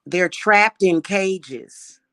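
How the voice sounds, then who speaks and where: A woman's voice: mid-range voice, drawn-out words, dry recording. Woman, casual profane rant to camera, dry close recording. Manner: brash, profane, animated. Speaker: spiritual reader and vlogger.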